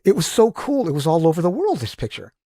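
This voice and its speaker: A man in his sixties tells stories as a podcast guest, animated and enthusiastic. His gravelly, husky voice jumps up when he acts out the quotes. It sounds dry and close. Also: fairly high pitch, quick pace, no echo. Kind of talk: casual storytelling interview.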